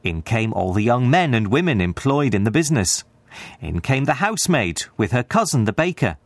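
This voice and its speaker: Man, storybook narrator, lively expressive delivery, dry recording. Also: mid-range voice, moderate pace, no room sound. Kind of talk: scripted narration of a classic story.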